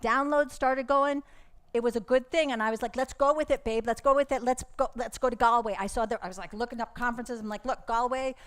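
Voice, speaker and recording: A woman's voice: fairly high pitch, steady tone, quick pace, close to an everyday voice. A woman playing a pushy, rambling stage-mom manager in a live comedy sketch. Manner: pushy, rambling, self-promoting.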